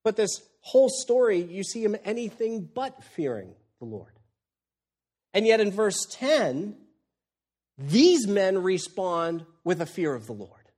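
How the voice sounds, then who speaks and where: A man preaching an expository sermon, moving between hushed lines and loud, exclaiming ones. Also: high-pitched, slow. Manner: animated, swings from hushed to exclaiming.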